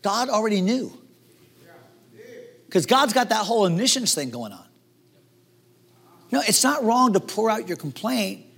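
Male pastor with a high voice, preaching in an animated, theatrical way. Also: unhurried, vocal fry, long pauses, slightly rough. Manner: animated preaching, acts out quoted voices, swings from hushed to loud. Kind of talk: sermon.

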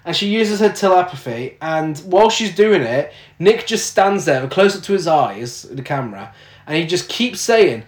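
A man casually recapping a film plot with laughter, doing quick silly voices for the quotes. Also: on the high side, expressive, reverberant. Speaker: podcast co-host recapping a film. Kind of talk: casual comedic chat.

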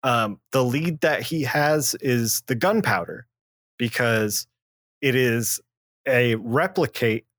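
Here a male co-host rambles through comic book plot recaps in a casual discussion, stumbling over fillers and restarts and lowering his voice for character lines. His delivery is slow with a fairly bright tone, on a dry close mic with no echo.

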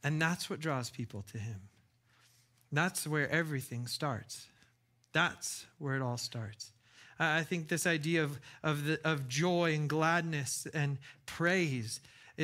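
Male preacher, casual conversational sermon, enthusiastic, stumbles and restarts a lot, somewhat high pitch. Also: a bit bright. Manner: chatty, enthusiastic, with frequent restarts and laughs. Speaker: pastor.

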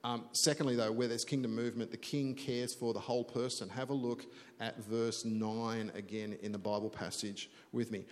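A man's voice: mid-range voice, steady tone, normal speed. A middle-aged man preaching a sermon as a pastor, chatty and self-deprecating, telling a story and often restarting words. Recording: long church hall reverb.

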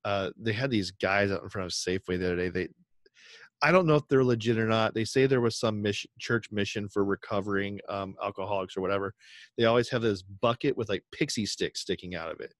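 A podcast co-host with a fairly low voice speaks a little fast, with no room sound. His casual chat is rambling storytelling, heavy with fillers and acted-out quotes.

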